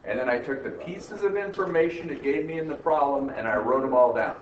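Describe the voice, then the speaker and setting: An instructor lectures a classroom, constantly checking in with "right?" and dropping deadpan jokes. His voice sits at an ordinary middle pitch. He is heard from across an echoey room on a muffled recording with a faint hiss. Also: fairly quick, far from the mic. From United States. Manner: quizzes the class with constant tag questions, teasing jokes. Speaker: accounting instructor.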